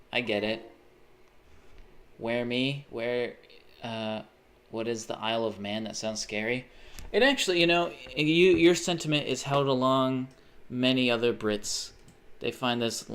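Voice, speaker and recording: A young man chatting casually on a live stream. He rambles, swears often and bursts into sudden excited exclamations. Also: medium pitch, measured pace. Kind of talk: casual livestream chat.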